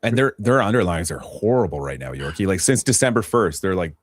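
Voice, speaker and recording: Male co-host, very low voice, dry sound, analytical. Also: very animated, no room sound. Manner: rapid, lots of "like", analytical. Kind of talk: casual sports radio chat.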